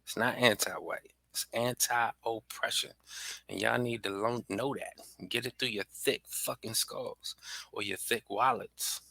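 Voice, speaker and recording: Male podcast host, low gravelly voice, dry close sound, angry profane preaching monologue. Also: steady tone, measured pace, sharp tone, no echo. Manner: profane, fired-up, preaching to listeners. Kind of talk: heated ranting monologue.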